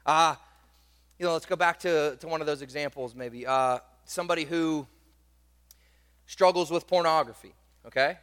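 High-voiced preacher in a reverberant hall. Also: male voice, moderate pace, pauses often, clean tone. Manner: emphatic preaching, swinging from loud stresses to quiet asides; repeats words when restarting phrases. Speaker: pastor. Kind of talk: sermon.

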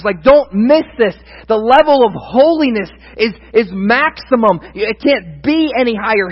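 A male pastor preaching a sermon, candid and thinking aloud at times, then building to emphatic proclamation. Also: very high-pitched. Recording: dull sound with long hall reverb.

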